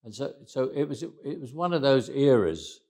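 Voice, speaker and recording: A man's voice: medium pitch, very animated, moderate pace, warm tone. A man in his eighties recounting stories in an interview, reflective and often restarting his words. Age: 80s. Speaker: interview guest. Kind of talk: anecdotal interview storytelling.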